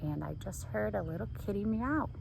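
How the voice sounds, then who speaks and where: Lively woman reading a picture book. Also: medium pitch, normal speed, creaky, a little hiss or hum, rough recording. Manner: playfully mimics sound effects. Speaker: teacher.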